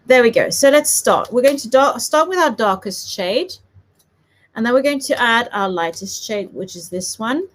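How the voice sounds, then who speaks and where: Chatty woman, light South African accent. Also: a little high. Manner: chatty, giggly, self-deprecating. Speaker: papercraft demonstrator. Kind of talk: chatty live craft tutorial.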